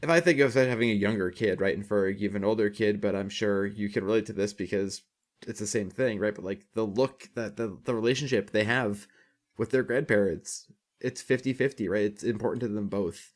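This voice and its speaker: Low-voiced man, animated and sweary. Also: a little fast. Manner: animated, swears a lot, acts out lines in voices. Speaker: podcast co-host. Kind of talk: casual chat.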